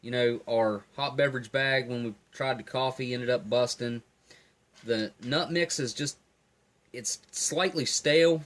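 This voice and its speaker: Man, mid-pitch voice, easygoing food reviewer tasting and describing flavors with enthusiasm. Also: measured pace. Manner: relaxed, enthusiastic tasting commentary.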